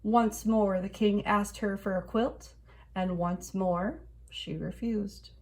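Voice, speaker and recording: Lady reading a kids storybook out loud, expressive, even middle pitch. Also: takes it slowly. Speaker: storybook reader. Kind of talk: reading a picture book aloud.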